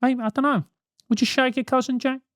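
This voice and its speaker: A man's voice: very high-pitched, steady tone, fairly quick, a bit bright, no echo, clean studio sound. A British man hosting a comic advice show, talking bluntly with lots of swearing and mockery. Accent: British English. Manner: profane, blunt, mocking.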